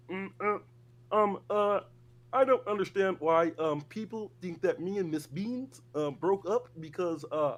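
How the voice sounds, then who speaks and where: Man doing a goofy rambling frog puppet, stop-start filler, lively swoops, bit higher. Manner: halting, filler-heavy rambling. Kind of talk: livestream impression.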